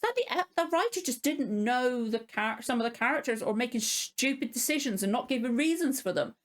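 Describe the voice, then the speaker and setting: A woman's voice: a little high, animated, a little fast. A woman giving a casual spoken review as a reaction video host, ranting in exasperation, swearing often and apologizing as she goes.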